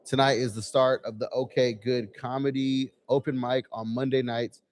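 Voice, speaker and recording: A man's voice: medium pitch, little pitch movement, normal speed, darkish tone. Easygoing guy running a livestream from a bar lounge, just chatting, fiddling with his setup. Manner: laid-back, chatty, testing gear while talking. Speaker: livestream host. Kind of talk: casual livestream chat.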